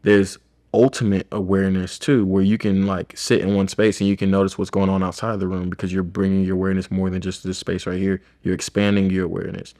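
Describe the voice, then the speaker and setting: A man's voice: low voice, little pitch movement, quick pace, mellow. A man who works as a chiropractor, talking casually and reflectively in a rambling conversation about his experiences.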